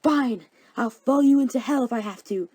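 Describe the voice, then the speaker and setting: A woman's voice: fairly high pitch, a little fast, darkish tone, slightly rough, voice pushed up. Give me a curt, fed-up young man, as a woman puts him on, in a cartoon parody. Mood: annoyed. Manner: curt, dismissive. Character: annoyed dismissive young man Demetrius.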